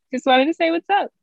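A woman's voice: very high-pitched, creaky, no room sound, dull audio. A woman calling into a live stream to chat, friendly and giggly. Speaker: guest caller. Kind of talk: casual chat. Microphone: phone call into a live stream.

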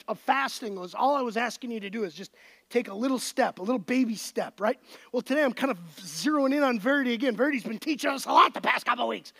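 A male pastor giving a conversational, animated sermon to his congregation. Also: very high-pitched, vocal fry.

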